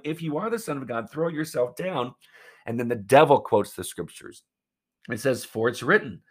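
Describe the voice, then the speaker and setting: A male pastor delivering a sermon with a slightly husky, breathy edge to his voice. He speaks earnestly and with emphasis, pressing his points home to his listeners. His pitch sits in an ordinary middle range for a man.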